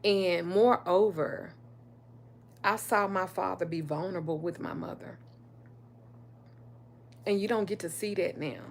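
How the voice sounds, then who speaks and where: A middle-aged woman with a drawl, speaking a touch lower than most women. She tells personal stories on a casual livestream, candid and emphatic, and swears freely. A faint hum sits under her voice. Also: a little slow, gravelly, pauses often. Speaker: spiritual reader and livestream host.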